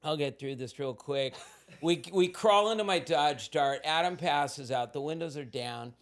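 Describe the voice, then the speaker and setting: A man's voice: a little high, unhurried, a bit bright. A man in his sixties from Southern California, a podcast guest telling candid, laid-back stories and acting out the voices in them. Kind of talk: casual storytelling.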